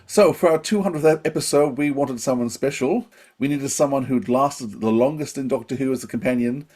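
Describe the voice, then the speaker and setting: A man's voice: mid-range voice, brisk, darkish tone. A man with an Australian accent, hosting a podcast and asking a guest questions. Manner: friendly, inquisitive. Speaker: podcast host. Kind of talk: podcast interview.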